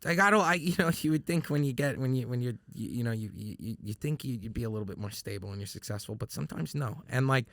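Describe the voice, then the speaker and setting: A man's voice: medium pitch, quick pace, gravelly, hardly any pauses, a bit bright, no room sound, clean studio sound. A man from New York, talking as a guest in a casual podcast chat, rambling with lots of swearing and restarts. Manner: rambling, profane, many restarts.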